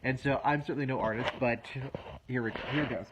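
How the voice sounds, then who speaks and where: A man in his thirties, a wellness coach, explaining a method step by step in a relaxed, self-deprecating way. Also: mid-range voice, fast talker, highs cut off, a little hiss or hum. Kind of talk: instructional talk to camera.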